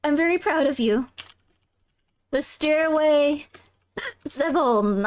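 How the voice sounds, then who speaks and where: High-voiced giggly woman streamer. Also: expressive, slow pace, dry recording. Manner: giggly, chatty, talks to chat. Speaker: livestreamer. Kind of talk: casual live gameplay chat.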